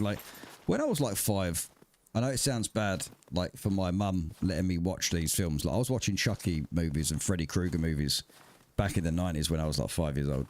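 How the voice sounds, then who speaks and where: A man's voice: sits low, fairly quick, a little hiss or hum. A man streaming a survival game live and chatting casually with his viewers in swearing banter. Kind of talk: casual livestream chat.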